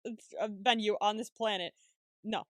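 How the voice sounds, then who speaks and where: A woman's voice: medium pitch, fairly even intonation, unhurried, no echo. A woman co-hosting a podcast, chatting casually and emphatically, often laughing and repeating herself for emphasis. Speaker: podcast co-host. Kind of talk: casual recap chat.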